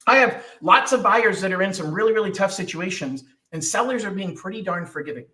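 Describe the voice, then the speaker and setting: A middle-aged man from California, a mortgage lender giving a casual market update, who talks in an animated way and acts out other people's voices. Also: high voice, fairly quick, distant mic. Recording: echoey room, away from the mic.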